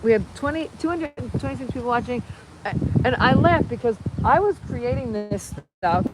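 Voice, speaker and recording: Chatty excitable woman in her fifties. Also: on the high side, background noise. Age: 50s. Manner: chatty, rambling, excitable with many fillers and restarts. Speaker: livestream host. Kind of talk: casual livestream chat reading comments.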